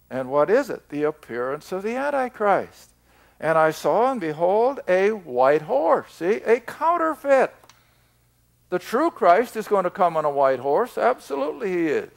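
Older guy bible teacher, kinda high voice with gravel, slow and emphatic. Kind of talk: televised Bible study teaching.

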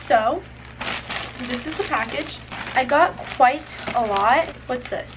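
A nineteen-year-old woman talks through a try-on haul in a high, bright voice. She is chatty and expressive, dropping "like" into every sentence, over a faint background hiss. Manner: chatty and expressive, heavy use of "like". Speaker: beauty and fashion vlogger. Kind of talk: casual try-on haul chat.

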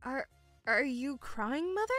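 A woman voicing a calm, cold young stepdaughter in a dramatized story, speaking in a measured, coolly firm way. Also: high voice, faint music behind. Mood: composed.

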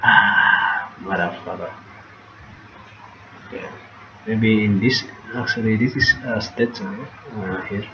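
Guy doing casual let's-play chat, swears a lot, low voice, lo-fi noisy mic. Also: takes it slowly, pauses often, roomy sound. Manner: chatty, swears and laughs at the game. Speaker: gameplay streamer. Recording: dull lo-fi sound with noticeable background noise.

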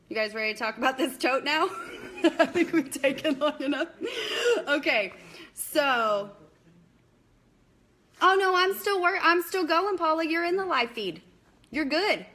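A woman's voice: high voice, fairly bright tone, slight background noise. A young woman hosting a casual live-stream bingo game, chatty and scattered, talking to viewers by name.

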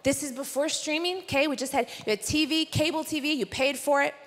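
High-voiced woman preaching in a big hall. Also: steady tone, brisk, a bit bright. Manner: playful, chatty storytelling with asides to the crowd. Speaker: conference speaker. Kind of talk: sermon. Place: large conference hall. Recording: reverberant conference hall.

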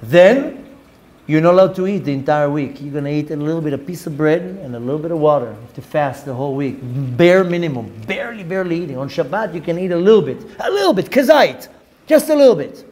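A man, a rabbi, telling a story in a lively lecture, acting out the dialogue and mixing in Hebrew and Yiddish words. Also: a little high, fast.

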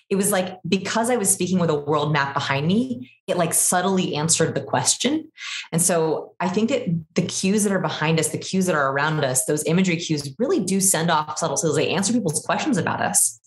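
A woman in her thirties explaining behavior research as an interview guest, animated and quick, acting out examples in her own voice. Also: fairly low pitch, reverberant. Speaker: guest expert on body language.

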